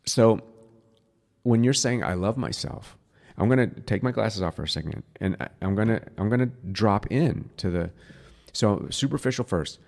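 A man hosting a spiritual podcast, teaching in a casual, earnest way and dropping to a soft, slow voice to demonstrate. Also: lowish voice, animated, creaky.

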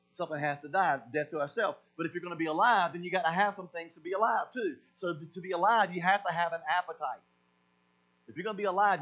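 A man preaching a sermon as pastor, emphatic and repetitive, often doubling back on his words. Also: high-pitched. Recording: dull lo-fi sound with mains hum.

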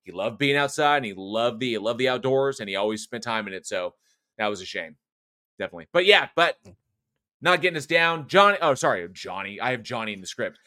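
A man's voice: medium pitch, expressive, fairly quick, pushed and bright, dry recording, studio quality. A man co-hosting a casual horror movie podcast from an office, rambling along with frequent restarts and laughter. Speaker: podcast co-host. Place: home office.

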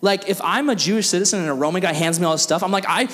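A man's voice: sits high, racing, fairly bright tone, long reverb tail. A young man giving a youth sermon, telling stories with lots of acted-out quotes and filler "like"s. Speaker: youth pastor.

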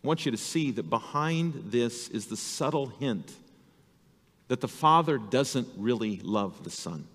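A man's voice: medium pitch, animated, a little slow, a bit bright. Earnest male pastor in a reverberant hall. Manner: earnest preaching that acts out quoted voices. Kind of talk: sermon.

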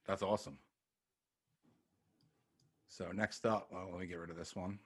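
A man hosting a relaxed chat in a husky, breathy voice. He mostly reacts with short remarks and laughter and prompts his guest along. His tone stays easygoing. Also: deep voice, normal speed. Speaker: podcast host. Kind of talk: casual interview chat.

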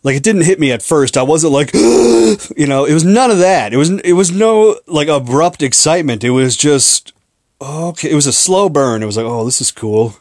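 A man's voice: fairly high pitch, expressive, brisk, no room sound, clean studio sound. A young man from Minneapolis hosting a podcast, telling a story in a rambling, profane, self-mocking way. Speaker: podcast host. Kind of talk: casual storytelling monologue.

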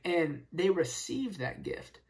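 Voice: mid-range voice, sing-song, takes it slowly, darkish tone. A speaker giving a casual Bible study, explaining verses with rhetorical questions and peppering the talk with "right?" and "man.". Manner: casual, filler-heavy, keeps saying "right?" and "man". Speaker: Bible teacher.

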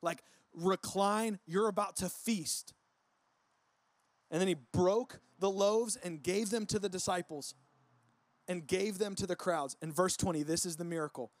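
A man preaching a casual, conversational sermon, relaxed and full of filler words. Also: sits high, a little slow, no room sound. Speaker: pastor. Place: church service.

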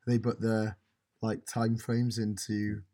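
A man's voice: lowish voice, little pitch movement, slow pace, dark tone. A man on a podcast, dry and wry in a casual chat. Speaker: podcast co-host.

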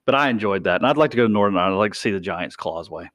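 A man's voice: fairly low pitch, expressive, very fast, fairly bright tone, no room sound. An American man co-hosting a casual chat podcast, often losing his train of thought and restarting. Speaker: podcast co-host.

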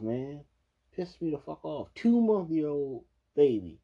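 A man's voice: fairly high pitch, sing-song, a little slow, mellow, dull audio. A man reacting to a news clip with heated, profane ranting full of restarts. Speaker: video reactor. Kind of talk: casual reaction commentary.

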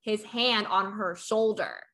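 A woman's voice: mid-range voice, lively intonation, takes it slowly, fairly bright tone. A young woman in casual chat, telling a long story full of fillers and acted-out quotes.

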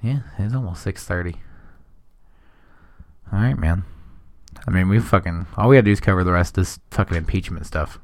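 A man's voice: deep voice, brisk, pauses often, no echo. A young man hosting a casual comedy podcast, loose and jokey, swearing freely and sliding into silly voices. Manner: loose, jokey, swears a lot, slips into goofy impressions. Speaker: podcast host.

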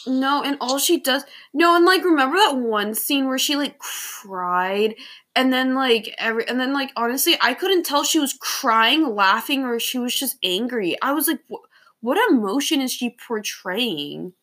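A young woman co-hosting a casual movie review chat, expressive and giggly as she retells scenes. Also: sits high, moderate pace. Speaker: co-host.

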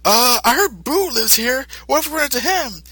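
A man's voice: extremely high pitch, expressive, moderate pace, bright, forceful tone, husky, no room sound, pitched above the performer's own voice, heavily acted. A man voicing a nervous, hesitant male gunman with a mustache. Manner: hesitant, questioning.

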